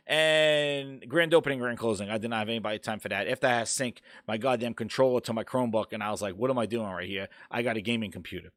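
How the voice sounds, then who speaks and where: A man hosting a casual gaming podcast, ranting loudly and swearing as he talks through the news. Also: mid-range voice, no echo, studio quality. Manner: ranting, profane, animated. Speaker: podcast host.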